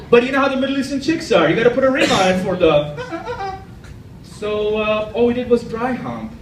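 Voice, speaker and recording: A man's voice: very high-pitched, sing-song, moderate pace, long pauses, a crowd in the background. A man doing a stand-up comedy set in a club, crude and self-mocking in his jokes. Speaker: amateur stand-up comic. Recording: echoey club from far off. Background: audience laughter.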